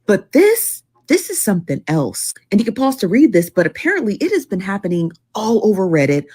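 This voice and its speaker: A woman telling a story in a social media clip, animated and talking straight to her viewers. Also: mid-range voice, brisk, breathy edge.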